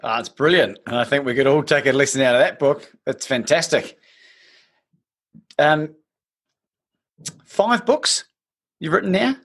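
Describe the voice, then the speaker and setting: Male host, husky and a touch high-pitched, quick keen reactions in a reverberant room. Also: animated, fairly bright tone. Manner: brief, enthusiastic reactions. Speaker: interviewer.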